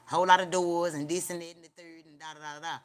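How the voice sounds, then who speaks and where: Low-voiced woman telling a rambling story. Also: level tone, fast talker, smooth. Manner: rambling, profane, repeats filler like "da, da, da"; chats directly to her viewers. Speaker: livestream host. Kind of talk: casual storytelling on a livestream.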